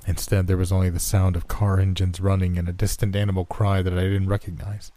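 A man reads a first-person horror story in a measured, tense way. His voice is very low and dark. The recording is close and dry, with no room echo. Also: monotone. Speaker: narrator.

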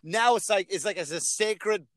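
A middle-aged man hosting a casual comedy podcast, telling animated, profane stories and acting out quotes. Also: sits high, normal speed.

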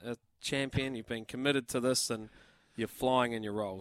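A man's voice: mid-range voice, fairly even intonation, normal speed, a bit bright, dry recording. A man with a New Zealand accent co-hosting breakfast radio, talking things through thoughtfully. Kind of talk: casual radio chat. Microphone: studio mic.

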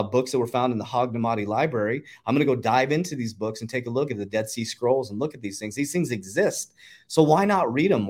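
Brief: thirties man, quick emphatic talker, casual podcast guest. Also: mid-range voice, darkish tone. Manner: fast, emphatic storytelling with swearing. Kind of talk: casual conversation.

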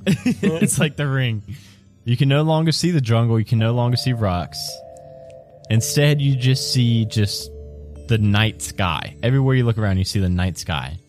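A man's voice: mid-range voice, normal speed, darkish tone, faint music behind. A man narrating a tabletop game as game master in a descriptive way, breaking into laughter now and then. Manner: descriptive, laughs between lines.

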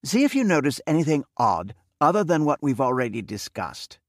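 A man's voice: medium pitch, very animated, no room sound, studio quality. A man reading as a reserved wealthy man near fifty. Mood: earnest. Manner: measured, formal. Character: wealthy middle-aged man, reserved and cryptic. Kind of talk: audiobook character reading.

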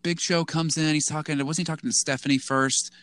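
A man's voice: fairly high pitch, fairly even intonation, quick pace, fairly bright tone, no room sound. Rambling man on a podcast. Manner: rambling, full of "like" and restarts, acts out quotes in a goofy voice. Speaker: podcast co-host. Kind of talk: casual chat.

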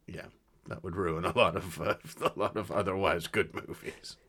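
A male comedy podcast co-host with a deep, forceful voice. He wanders through anecdotes in easy, loose chat with plenty of fillers. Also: fairly even intonation, moderate pace, husky. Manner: rambling, with frequent fillers and chuckles.

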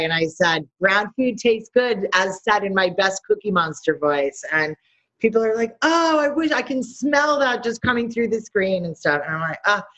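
A middle-aged woman chef in an interview, talking in an animated, storytelling way and laughing often. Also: on the low side. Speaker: chef guest. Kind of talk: interview conversation. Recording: slightly dull lo-fi audio.

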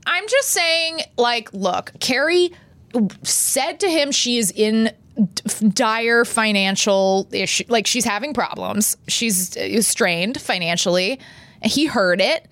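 A woman in her thirties trades casual, profane banter as a podcast co-host. Her pitch swoops widely as she talks, and the recording is dry and close with no room sound. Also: takes it slowly, dry recording. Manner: animated, laughs often, swears freely. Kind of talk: casual chat.

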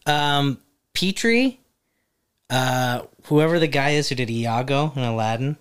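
A man's voice: mid-range voice, measured pace, fairly bright tone, clear, resonant tone. A man co-hosting a podcast in casual chat, giving brief replies and thinking aloud with fillers. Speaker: podcast co-host.

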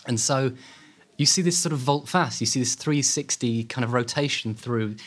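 A man's voice: medium pitch, normal speed. Man telling history animatedly. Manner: lively, animated, hedging with fillers. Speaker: guest author. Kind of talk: conversational storytelling.

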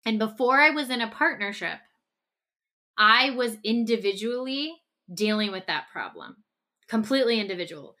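A woman co-hosting a relationship podcast with a bright, forward tone. She builds a hypothetical scenario step by step in a casual, conversational way. She keeps checking in with quick "okay?" and "right?" asides. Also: a little high. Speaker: podcast co-host.

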